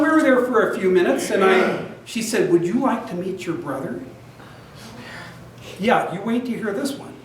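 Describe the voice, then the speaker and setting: An older man tells a personal story to a room full of listeners, chatty and quick to laugh at his own tale. His voice sits fairly high for a man. The recording is very echoey and picked up from a distance across the room. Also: a little hiss or hum. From United States. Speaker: guest speaker. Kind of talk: storytelling talk to an audience.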